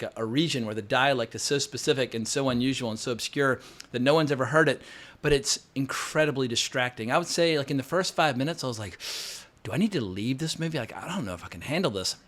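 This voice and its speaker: A man giving a casual, opinionated film review, blunt and quick to swear. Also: medium pitch, a bit bright. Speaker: film critic.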